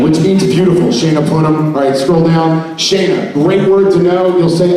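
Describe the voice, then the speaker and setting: A man's voice: on the high side, fairly even intonation, moderate pace, few pauses, warm tone. Joking man echoing in a big hall. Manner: joking, playful, calls on the audience to repeat words. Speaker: presenter at a trade expo. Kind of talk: comedic mock seminar to a live audience. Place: large expo hall with an audience. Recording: echoey hall, voice picked up from far off.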